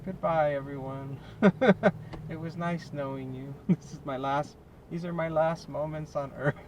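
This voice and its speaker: A man's voice: fairly high pitch, steady tone, normal speed, a little mellow, rough recording. A man with an American accent, a delivery driver vlogging in his car; chatty and self-mocking, he laughs often and sounds short of breath. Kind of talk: casual running commentary while driving. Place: inside a car on city streets. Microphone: dash cam or phone mic in car. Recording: road noise in a moving car. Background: car and road noise.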